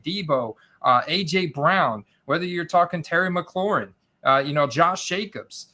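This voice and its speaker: A man's voice: fairly high pitch, pushed and bright. A man hosting a casual live-stream chat, rambling and stacking asides with "you know". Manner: rambling, stacks asides with 'you know' and 'uh'.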